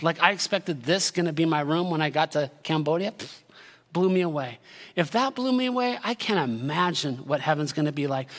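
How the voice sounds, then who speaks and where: A man in his forties, a pastor preaching a sermon with energetic, emphatic delivery that builds into shouted lists. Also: high voice, long reverb tail.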